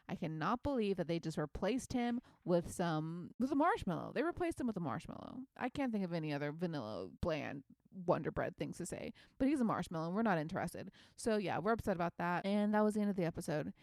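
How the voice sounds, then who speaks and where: A woman's voice: lowish voice, darkish tone, dry recording, clean studio sound. A young woman hosting a casual TV recap vlog, chatty and playful, with sudden squeals of delight. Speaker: YouTube recap host.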